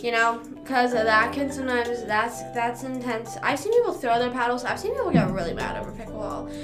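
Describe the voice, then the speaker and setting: A young woman streamer rambles through casual chat at home, her fairly quick, animated voice on the high side and full of fillers. The room has a roomy echo, with faint music in the background.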